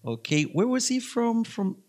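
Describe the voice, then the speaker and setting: Man, middle-aged, high voice, chatty faith talk, laughs often, quizzes the crowd. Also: big pitch swings, measured pace, a little mellow. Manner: chatty, laughing, asks the audience questions. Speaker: guest speaker. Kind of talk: humorous faith talk to a school audience.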